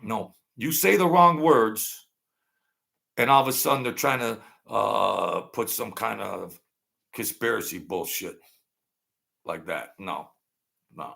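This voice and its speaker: Gravelly, bright-voiced man telling street stories. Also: on the low side, takes it slowly, long pauses. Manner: rambling, repeats words, streetwise and blunt. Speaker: storyteller recounting mob-era experiences. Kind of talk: casual rambling storytelling.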